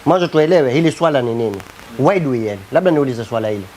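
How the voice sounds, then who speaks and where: TV co-host, rapid and animated, playful and probing. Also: mid-range voice, slight background noise. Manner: playful, pressing questions. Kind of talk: TV talk show chat. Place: TV studio.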